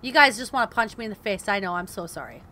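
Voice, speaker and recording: A woman's voice: medium pitch, animated, fast, bright, forceful tone, a little hiss or hum. A young woman commenting on her gameplay, swearing in frustration and talking to herself and her viewers. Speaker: gaming video host.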